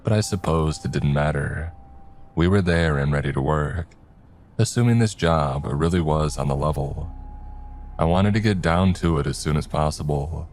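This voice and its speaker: Very deep-voiced man narrating horror. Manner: steady, measured storytelling. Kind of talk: scripted horror story narration. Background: faint music.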